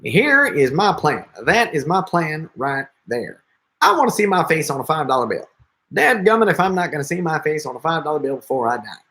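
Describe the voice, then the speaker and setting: A man's voice: a little high, sing-song, a little fast, pushed and bright, voice pushed up, full character voice. A man doing an impression of a folksy, insistent older male politician with an emphatic delivery.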